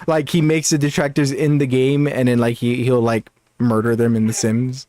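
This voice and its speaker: A man co-hosting a casual gaming podcast, rambling with many restarts and quick laughs. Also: mid-range voice, level tone, warm tone, dry recording, clean studio sound. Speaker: podcast co-host.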